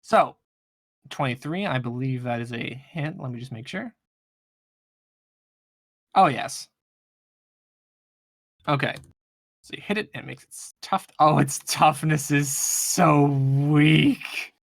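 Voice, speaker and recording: A man's voice: mid-range voice, expressive, measured pace, long pauses, no echo. Man, game master, tabletop game, hesitant restarts, dry sound. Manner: thinks aloud, hesitant restarts.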